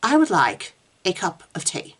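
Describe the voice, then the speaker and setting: A woman doing a brash young woman from Boston, pitched up high and blunt. The twang wobbles in and out as she reads a storybook aloud, jumping up and down in pitch. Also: wildly swooping pitch, moderate pace, sharp tone, full character voice. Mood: reluctant. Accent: Boston attempt.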